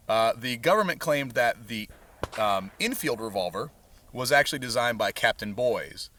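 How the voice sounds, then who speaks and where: A man hosting a firearms channel, explaining history and handling in a casual, halting way full of ums and uhs. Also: mid-range voice, lively intonation, bright, forceful tone. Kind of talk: casual explanatory talk at the range. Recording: distant mic, faint background noise.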